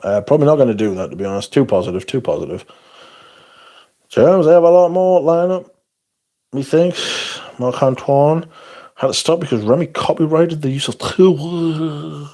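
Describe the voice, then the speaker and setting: A man's voice: fairly high pitch, normal speed, dark tone. A man hosting a livestream, chatting casually as he reads viewer comments aloud in a blunt, profane, sarcastic way. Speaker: livestream host.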